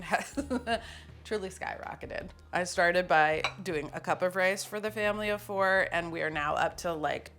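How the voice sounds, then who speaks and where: In her kitchen, a woman with a mid-range, slightly bright voice hosts a cooking show. She chats casually and pokes fun at herself while cooking, laughing often.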